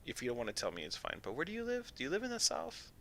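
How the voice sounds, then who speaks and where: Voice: medium pitch, huge pitch swings, very fast, fairly bright tone, a little hiss or hum. Hesitant, rambling game streamer. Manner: hesitant, rambling, self-deprecating. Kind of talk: let's-play reading and chatting with viewers.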